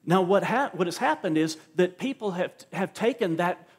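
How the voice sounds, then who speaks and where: A man's voice: high voice, lively intonation, moderate pace, slightly rough. A male pastor preaching a sermon at a church service, emphatic and repeating words as he drives his points home.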